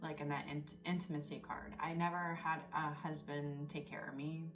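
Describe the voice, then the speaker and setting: A woman's voice: deep voice, little pitch movement, normal speed. A woman giving a casual, confiding tarot reading, emotional and tearful at times. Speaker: tarot reader. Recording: distant mic with loud background music.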